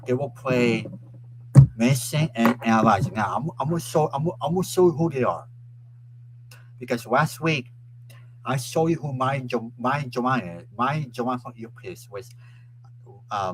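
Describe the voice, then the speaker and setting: A man hosting a casual live stream who keeps restarting and repeating his phrases and breaks into loud, excited sports chants. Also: mid-range voice, a little hiss or hum, rough recording. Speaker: host of a live web show.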